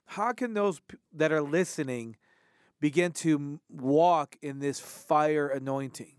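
A man's voice: fairly high pitch, measured pace, smooth, no room sound, studio quality. A man hosting a religious talk show, speaking fervently and prompting his guest. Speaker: host.

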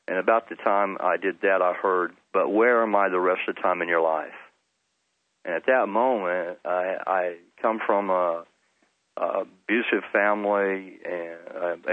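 Middle-aged man, low-pitched, dry tinny phone audio, earnest testimony. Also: dry recording. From Texas. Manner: earnest storytelling with restarts. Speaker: phone-in guest. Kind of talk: personal testimony. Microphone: telephone.

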